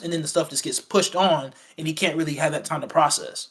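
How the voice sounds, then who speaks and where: A man's voice: fairly high pitch, fairly quick, a bit bright. A man co-hosting a casual film review chat, rambling and acting out quoted lines with many fillers and restarts. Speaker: podcast co-host.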